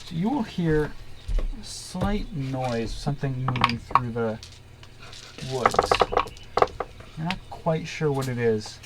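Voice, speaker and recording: Game master, male, mid pitch, hesitant narration, noisy recording. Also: animated. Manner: halting, filler-heavy narration. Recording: noisy room.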